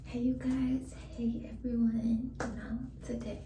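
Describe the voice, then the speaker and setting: A woman's voice: on the high side, steady tone, measured pace, few pauses, roomy sound, rough recording. Whispering young woman in a vlog. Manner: hushed whisper, laid-back and chatty. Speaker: vlogger. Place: home bathroom.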